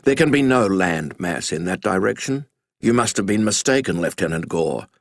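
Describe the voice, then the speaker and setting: A cutting, commanding sea captain, stern and sardonic, as a man reads him aloud in a history story. His voice sits low and close in a dry room with no echo. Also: expressive, moderate pace, creaky, heavily acted. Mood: dismissive.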